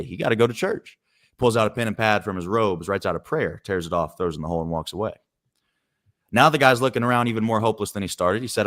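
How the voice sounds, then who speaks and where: Low-voiced man telling a parable. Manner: animated storyteller acting out the characters' lines. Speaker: guest. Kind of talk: storytelling on a live stream.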